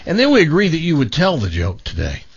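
Husky, excitable radio host. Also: male voice, on the high side, quick pace. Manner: excitable, stumbling restarts. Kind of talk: casual on-air chat. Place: radio studio. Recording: dull lo-fi radio broadcast.

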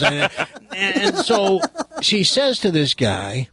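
A man's voice: medium pitch, very animated, unhurried, fairly bright tone, breathy edge, no room sound. A middle-aged American man, a radio show host, telling rambling stories in casual chat and putting on voices for the people he quotes. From United States.

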